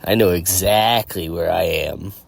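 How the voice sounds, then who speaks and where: A man's voice: sits low, measured pace, creaky, heavily acted. A man voicing a hyper, joking male mercenary antihero in a fan-written audio story. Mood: gleeful. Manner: goofy, excitable, joking.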